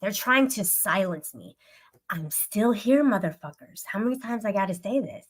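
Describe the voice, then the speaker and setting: A woman's voice: medium pitch, lively intonation, normal speed. Aggrieved woman ranting to her chat. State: upset. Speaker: livestreamer. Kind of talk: venting to live chat.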